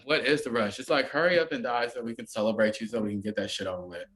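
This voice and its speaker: A man in a relaxed podcast conversation, at an everyday middle pitch. He rambles with lots of filler words and drops into brief playful impressions of other people as he makes his point. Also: quick pace. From United States. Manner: rambling, filler-heavy, often acts out quoted voices. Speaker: podcast guest, musician.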